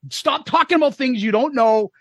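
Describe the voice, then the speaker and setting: A man's voice: very high-pitched, moderate pace, no room sound, clean studio sound. A man co-hosting a podcast in casual chat, ranting and swearing, often mocking others in silly voices. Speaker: podcast co-host.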